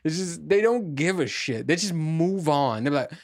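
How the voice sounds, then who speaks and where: A man's voice: on the high side, lively intonation, moderate pace, hardly any pauses. Profane, rambling man hosting a podcast. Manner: profane, rambling, with many restarts. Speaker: podcast host. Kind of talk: casual solo monologue.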